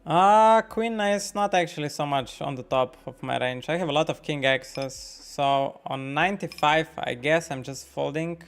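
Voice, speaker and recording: A man streaming poker, thinking out loud about each hand, swearing often and questioning his own nerves as he talks to his chat. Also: a little high, normal speed, gravelly, few pauses, clean tone. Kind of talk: live-stream commentary while playing.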